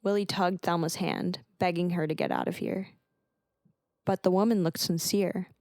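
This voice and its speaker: A woman narrating an audiobook chapter in a steady storytelling manner. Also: on the low side, normal speed, dry recording.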